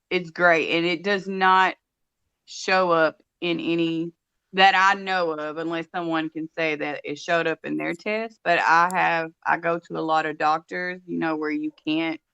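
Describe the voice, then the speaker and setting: A woman's voice: sits low, gravelly, fairly bright tone, clear, resonant tone, no room sound. A woman calling in to a live stream who rambles and restarts her sentences often. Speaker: call-in guest. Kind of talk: casual chat. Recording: dull lo-fi call audio.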